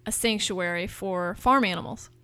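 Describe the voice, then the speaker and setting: A woman in her thirties from Northern California talks about her food business in a casual interview. She is eager and chatty, often restarting her sentences, and her voice sits at a mid pitch. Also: moderate pace, sharp tone, smooth. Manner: enthusiastic, chatty with frequent restarts.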